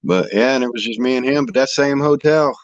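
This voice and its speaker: A man's voice: medium pitch, brisk, dry recording, muffled recording. A man from the American Midwest, casually chatting and telling long rambling anecdotes with some swearing. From Indianapolis, United States. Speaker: storyteller in a chat. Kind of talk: casual chat.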